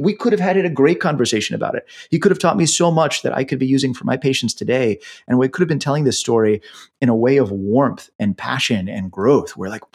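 Gravelly husky male doctor. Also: medium pitch, a little fast. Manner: animated storytelling with many fillers. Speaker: emergency physician. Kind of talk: conversational teaching.

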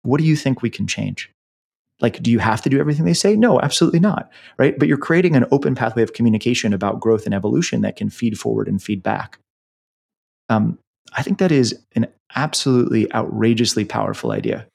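A man's voice: medium pitch, sing-song, fast, creaky, a little mellow, slightly rough. A man, an emergency physician, teaching in casual conversation and telling stories animatedly with many fillers.

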